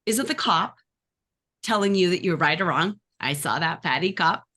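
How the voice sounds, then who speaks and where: A life coach teaching a workshop, lively and acting out the voices she describes. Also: on the low side, moderate pace. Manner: animated, acts out inner voices.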